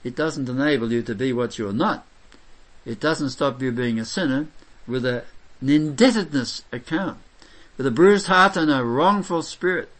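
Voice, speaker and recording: Man preaching with emphatic delivery, voice rising and falling in a lively way, loud exclamations set against soft asides. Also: medium pitch, moderate pace. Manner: reads scripture aloud and expounds it. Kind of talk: sermon.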